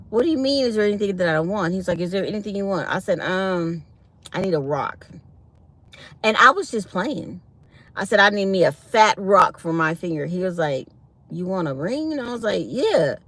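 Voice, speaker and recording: A woman vlogger telling a personal story in a casual, animated way, laughing often and quoting others. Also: on the low side.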